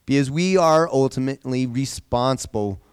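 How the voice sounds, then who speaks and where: A man's voice: mid-range voice, moderate pace, smooth, no room sound, clean studio sound. A man leading an informal Bible lesson for a group, talking conversationally, repeating phrases and asking the class questions. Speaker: Bible study teacher.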